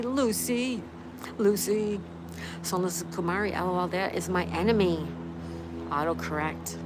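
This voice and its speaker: A woman's voice: fairly low pitch, background noise. A middle-aged woman hosting a casual livestream, reading out viewer comments in a chatty, friendly way. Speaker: livestream host.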